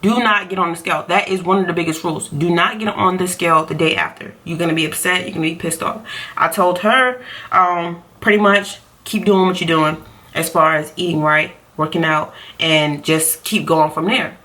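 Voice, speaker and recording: A woman's voice: lowish voice, steady tone, normal speed, sharp tone. A woman coaching on diet in a casual vlog, chatty and repeating her points for emphasis.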